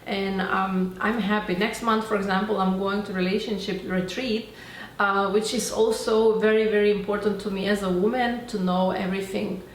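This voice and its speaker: A woman's voice: medium pitch, steady tone, moderate pace. Chatty woman vlogging in a roomy space. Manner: enthusiastic, rambling, acts out quoted dialogue. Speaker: beauty and self-help vlogger. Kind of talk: casual talking-to-camera vlog. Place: home, Florida. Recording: roomy echo, faint background noise.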